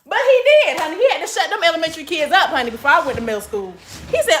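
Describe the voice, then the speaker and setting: High, lively, sassy woman on a livestream. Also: very fast, a little hiss or hum. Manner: sassy, calls everyone honey. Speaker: livestream host. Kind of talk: casual livestream chat reading comments. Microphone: phone.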